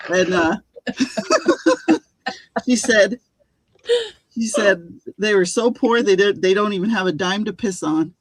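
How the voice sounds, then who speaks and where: A woman's voice: mid-range voice, very animated, slow pace, pauses often, slightly rough, no echo. A woman co-hosting a casual chat, telling amused stories about a friend. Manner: storytelling, amused. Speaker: co-host.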